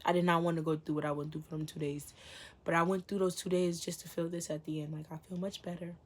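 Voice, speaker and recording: A woman's voice: fairly low pitch, little pitch movement, quick pace. A young woman vlogging to her viewers. She gives blunt, emphatic motivational talk, repeats her points and fires off rhetorical questions. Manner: blunt and preachy, sometimes swearing.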